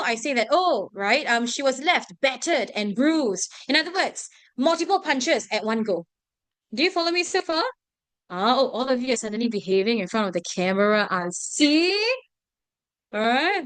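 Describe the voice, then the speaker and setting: A woman's voice: high voice, a bit bright, dry recording. A young woman teaching an English vocabulary lesson to a class, often checking whether students follow. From Singapore. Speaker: English tutor.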